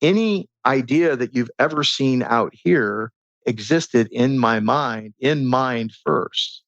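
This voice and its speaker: A man guest on a podcast, talking in a casual, animated way and teaching through stories and rhetorical questions. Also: medium pitch, slow pace, dry recording. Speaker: podcast guest, transformation coach. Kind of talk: casual conversational interview. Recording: dull lo-fi sound.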